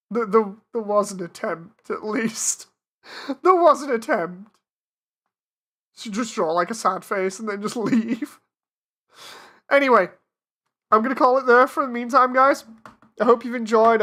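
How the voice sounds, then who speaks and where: Bright-voiced woman chatting through a stream. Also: a little high. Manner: self-deprecating, talks herself through a task, laughs at her mistakes. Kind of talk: casual live-stream commentary.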